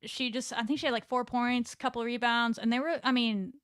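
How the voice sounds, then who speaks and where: A woman's voice: fairly high pitch, fairly even intonation, brisk, fairly bright tone, clean tone, no echo, studio quality. A young woman co-hosting a casual sports recap show. She talks in a chatty way, laughs often and reads viewer comments aloud. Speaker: sports podcast co-host.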